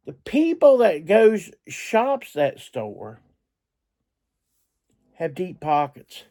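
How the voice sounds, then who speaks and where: A middle-aged man hosting a reselling vlog, talking in an excitable, rambling way and often repeating himself. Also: sits high. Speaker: reseller channel host. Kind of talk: casual vlog talk.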